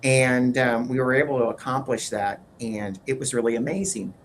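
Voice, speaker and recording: Man co-host, casual chat, halting delivery with lots of restarts and "um"s. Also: medium pitch, fairly even intonation, slight background noise. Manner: halting, repeats words and fillers. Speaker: podcast co-host.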